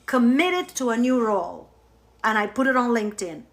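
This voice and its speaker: A woman hosting a live stream from home as a spiritual coach, telling a story in a candid, animated way and swearing freely. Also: on the high side, normal speed. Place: at home on her couch. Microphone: phone.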